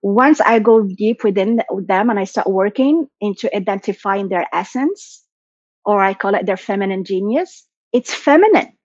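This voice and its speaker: A woman's voice: medium pitch, lively intonation, moderate pace, a little mellow, no echo. A woman coach talking as a guest in a casual interview, earnest and flowing, often saying "like" and "right?". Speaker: guest, coach for women and executives. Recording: dull lo-fi dry sound.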